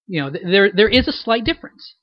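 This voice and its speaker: A man giving a reflective audio commentary on his voice acting, explaining his choices thoughtfully with frequent pauses and fillers. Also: high voice, expressive, dry recording, lo-fi sound.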